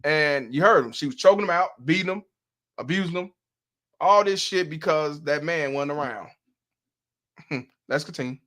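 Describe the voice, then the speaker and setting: A man's voice: fairly high pitch, normal speed, pauses often, fairly bright tone. A man hosting a live stream, reacting to a clip with blunt, profane commentary and frequent laughter. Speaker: host.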